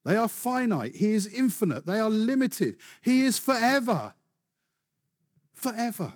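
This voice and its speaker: A male preacher delivering a sermon in a somewhat high, husky voice. His pitch swings widely as he presses his points with rhetorical questions and mounting emphasis. The delivery stays animated throughout. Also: a little slow.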